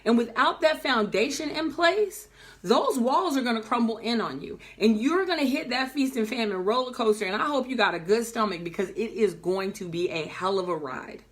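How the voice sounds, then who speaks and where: Woman business coach, motivational talk, slightly high pitch, emphatic and animated delivery. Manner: animated, emphatic, acts out quoted voices.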